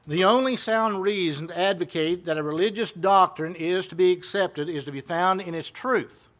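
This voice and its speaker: Preacher, slightly high male voice. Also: a bit bright. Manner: conversational, retells exchanges and asks rhetorical questions. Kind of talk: sermon.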